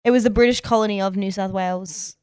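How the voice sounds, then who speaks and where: A woman chats through a podcast, reading facts aloud between fillers. Her voice is smooth and clear. The sound is close and dry. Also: mid-range voice, fairly even intonation, fast talker, darkish tone, no echo. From Australia. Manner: chatty, reads facts aloud, many fillers. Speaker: podcast co-host. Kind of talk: casual chat.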